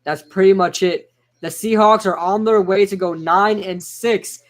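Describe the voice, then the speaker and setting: A young man casually reacting live to a football game, chatting with viewers and shouting out their names. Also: high voice, unhurried. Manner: excitable, chatty, reads out chat names. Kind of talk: casual live-stream commentary.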